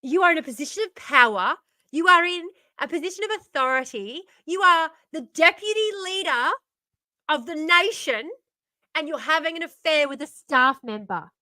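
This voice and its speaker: A woman's voice: high voice, lively intonation, moderate pace, bright, forceful tone, no room sound, studio quality. A woman hosting a stream, ranting in exasperation and swearing as she reacts to the news. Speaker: streamer host.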